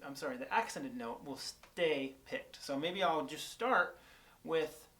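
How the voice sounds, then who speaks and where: A young man, a guitar teacher, casually explains picking technique, thinking aloud with lots of fillers and restarts while guitar plays between his phrases. His voice is fairly high, expressive, a bit bright, and a little slow. It was recorded on an on-camera shotgun mic.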